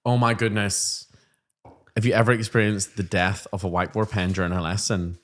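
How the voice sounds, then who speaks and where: A man with a Northern Irish accent chats as a podcast co-host. His voice sits fairly low. He tells his stories with animation and slips into quick acted-out voices. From Northern Ireland. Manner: animated storyteller, acts out classroom voices. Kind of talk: casual chat.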